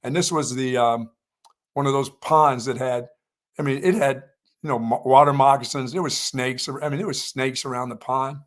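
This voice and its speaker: Animated older man telling a story. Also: medium pitch, normal speed. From North Carolina. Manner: animated storyteller, raises voice for quoted lines. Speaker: sports show co-host. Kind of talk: casual storytelling chat.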